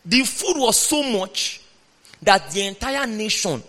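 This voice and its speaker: A man preaching a sermon, reading scripture aloud and speaking emphatically, at times shouting. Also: sits high, animated, takes it slowly. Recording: long hall reverb.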